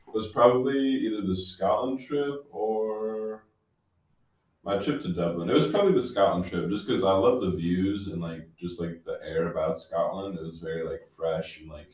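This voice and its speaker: A man's voice: deep voice, normal speed, darkish tone. A young man chatting casually with a student group, hesitant and full of fillers. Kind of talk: casual chat. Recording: very echoey room, far from mic.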